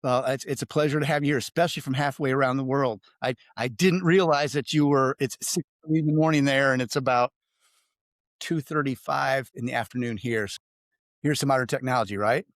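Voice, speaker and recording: A man hosting a business podcast, reading a polished guest introduction and asking relaxed questions. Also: medium pitch, fairly quick, no room sound, clean studio sound. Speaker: podcast host. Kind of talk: interview host, read introduction.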